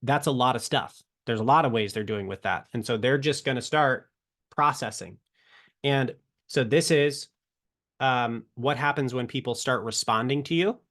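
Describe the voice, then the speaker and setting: A man's voice: mid-range voice, normal speed, fairly bright tone. A man teaching an online course in a casual, earnest way, acting out short sample dialogues as he explains.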